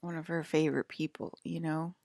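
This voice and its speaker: Low-voiced gravelly rambling woman. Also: flat delivery, brisk, a little mellow, dry recording. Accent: American East Coast. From US East Coast. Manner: rambling, laughs often, drops to whispers. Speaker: vlogger. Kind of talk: casual monologue to viewers.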